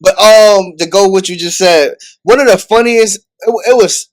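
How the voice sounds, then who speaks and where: A man's voice: sits high, moderate pace. A man appearing as a podcast guest in casual chat, slangy and stumbling, repeating words as he talks. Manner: slangy, repeats words, calls others son. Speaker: podcast guest, reaction creator.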